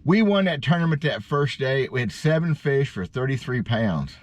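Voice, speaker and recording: A middle-aged man from Missouri, a bass fishing vlogger, rambles through a casual story in an animated, mid-range voice. His folksy, self-deprecating manner leans on drawn-out emphasis. The recording has no echo but a dull, lo-fi sound.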